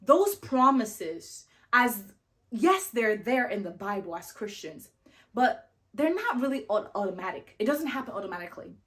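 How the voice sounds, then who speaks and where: A young woman vlogger telling travel stories in a casual, animated way, full of "like" and acted-out quotes. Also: medium pitch, normal speed. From family from Sierra Leone, raised abroad. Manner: animated, lots of "like" and "you know", acts out quoted dialogue. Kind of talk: casual storytelling to camera.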